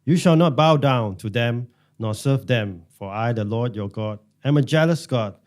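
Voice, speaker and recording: A man reading scripture aloud in a measured, careful way for a Bible class. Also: medium pitch, expressive.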